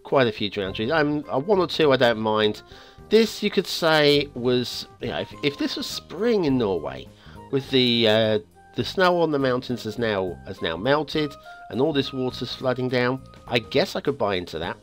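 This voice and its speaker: Chatty man reviewing game maps. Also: moderate pace. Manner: chatty and rambling, with frequent restarts and stammers; lively, swinging pitch. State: voice going hoarse. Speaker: game map reviewer, show host. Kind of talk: casual video game commentary. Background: faint background music.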